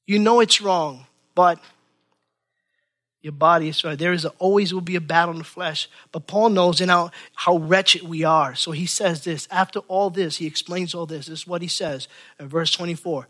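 Bright, high-voiced male preacher. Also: normal speed. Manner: impassioned, repeats phrases, swings between loud and hushed. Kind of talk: sermon.

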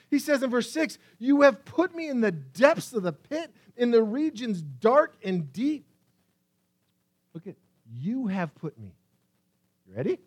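A man preaching a sermon, reading scripture slowly and with emphasis, swinging between hushed lines and loud cries. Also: sits high, wildly swooping pitch, breathy edge. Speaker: pastor.

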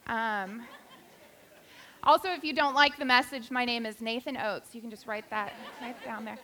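A woman delivers a sermon in a church sanctuary, mixing teaching with playful, self-deprecating jokes. Her voice is bright and sharp, set a little higher than average. She speaks directly to the congregation, easy and personable. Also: normal speed, some chatter behind, a little hiss or hum. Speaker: guest preacher.

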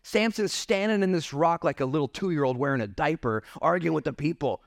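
A man preaching a sermon as pastor, conversational and animated, acting out the people he quotes. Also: on the high side, brisk, dry recording, studio quality.

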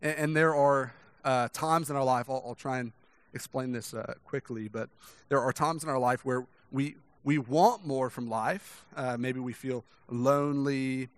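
A young man preaching in a loose, conversational style, full of restarts and little "right?" check-ins. He acts out quoted people with big jumps in pitch and loudness. The recording is dry and close, with hardly any room sound. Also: steady tone, a little slow, dry recording. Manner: conversational, many restarts and "right?" tag questions; acts out quoted voices with sharp rises in pitch and volume. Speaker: pastor. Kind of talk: sermon.

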